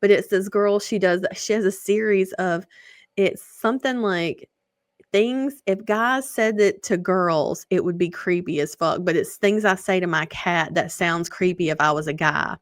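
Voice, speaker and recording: A woman's voice: fairly low pitch, unhurried, no room sound. A woman in her thirties chatting casually, talkative, laughing often and swearing freely. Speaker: podcast co-host. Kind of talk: casual chat.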